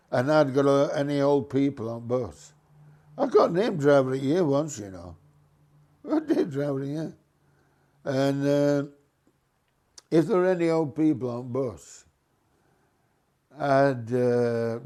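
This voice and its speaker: A man's voice: medium pitch, dark tone. An older man, a retired bus driver recalling anecdotes and chuckling as he tells them. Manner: chuckling, jumps into voices for quoted people. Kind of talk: reminiscing anecdote.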